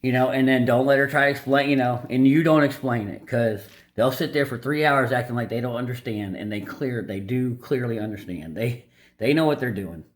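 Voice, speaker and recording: A man's voice: medium pitch, brisk. A man hosting a video, summarizing a dating-advice book in casual, unscripted commentary. He is blunt and opinionated, and he rambles with lots of fillers and restarts.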